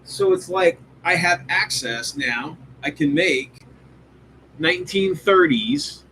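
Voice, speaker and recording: A man's voice: a little high, slow pace, pushed and bright, slight background noise, low-quality recording. A man hosting a live hobby stream in casual chat, rambling and swearing often, full of fillers and restarts. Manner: rambling, profane, enthusiastic, lots of fillers. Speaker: hobby show host. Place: home hobby room.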